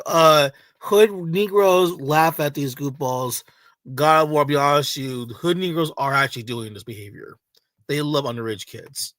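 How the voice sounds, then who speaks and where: A man's voice: a little high, moderate pace, fairly bright tone, no room sound, studio quality. A man co-hosting a stream, mocking and repeating exclamations in casual reaction commentary.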